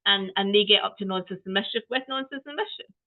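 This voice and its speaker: A woman giving an online training talk on children's play, animated and playful, often exclaiming. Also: medium pitch, fast talker. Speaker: early-years play trainer. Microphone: video call. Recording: tinny video-call audio.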